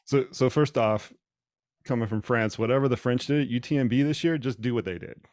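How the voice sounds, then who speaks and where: A man's voice: mid-range voice, a little fast, a little mellow, no echo, clean studio sound. A man hosting a podcast and talking casually about training, thinking aloud and often repeating words. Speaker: podcast host and running coach.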